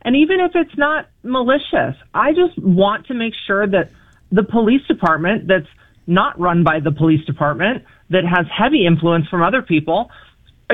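A woman calling in to a radio talk show, speaking emotionally and haltingly, often restarting her sentences. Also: medium pitch. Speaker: caller. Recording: tinny phone line.

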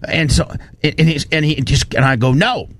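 A man's voice: on the high side, a little fast. Fired-up man ranting on radio. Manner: animated, fired-up, quotes people in his retelling. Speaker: radio show host. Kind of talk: casual on-air storytelling rant.

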